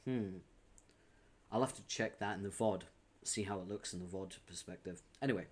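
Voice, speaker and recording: A low-pitched man reads a webcomic out loud while streaming at his desk mic, stopping for chatty asides with viewers. His talk stays loose and casual, full of quick laughs and offhand swearing.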